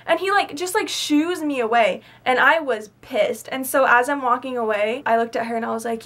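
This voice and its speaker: Teen girl vlogger, slightly high, emphatic storytelling, lots of fillers. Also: normal speed, hardly any pauses, fairly bright tone. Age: teenager. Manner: chatty, heavy filler, emphatic. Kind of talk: casual storytime.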